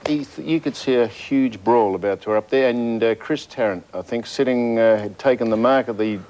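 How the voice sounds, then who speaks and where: A man's voice: mid-range voice, brisk, a little mellow. Teasing Australian man on a TV panel. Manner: teasing, ribbing the others. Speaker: co-host. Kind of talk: banter on a TV panel show. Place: TV studio.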